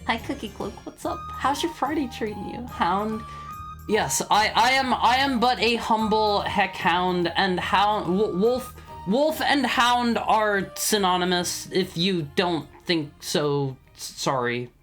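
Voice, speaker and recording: A man's voice: high-pitched, slow, fairly bright tone, faint music behind. A young man streaming from home, chatting casually with his chat, stammering and laughing often as he reads messages. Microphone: studio microphone.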